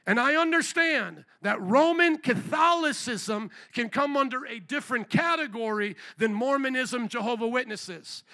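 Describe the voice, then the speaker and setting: High, forceful preaching man. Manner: forceful preaching with rhetorical questions. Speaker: pastor. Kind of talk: sermon.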